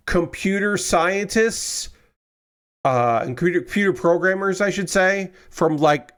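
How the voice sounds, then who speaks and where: A man with a slightly high voice talks loosely to his stream viewers while he works on a model kit at his table. He rambles, restarts his sentences and fills the gaps with "uh" and "um" in an easygoing chat. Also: clear, resonant tone. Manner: rambling, many fillers and restarts. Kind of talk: casual live-stream chat. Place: home room at a work table.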